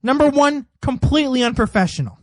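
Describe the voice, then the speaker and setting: Indignant man with a higher voice. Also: lively intonation, fast talker, no echo. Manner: indignant, rhetorical questions. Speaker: political commentary host. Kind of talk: opinion commentary monologue.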